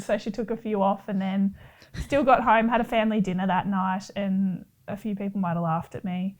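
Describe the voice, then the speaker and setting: A woman footballer with an Australian accent, telling stories in animated casual chat and laughing often. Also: mid-range voice, moderate pace. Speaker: footballer guest.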